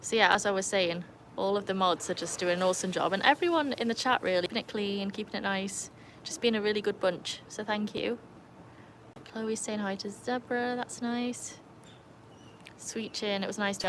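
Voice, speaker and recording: A livestream host from England and North Wales, with a mixed Birmingham and North Wales accent, chats casually from her home with a pool and greets viewers by name. Her voice is mid-range and a bit bright, with slight background noise and poor audio.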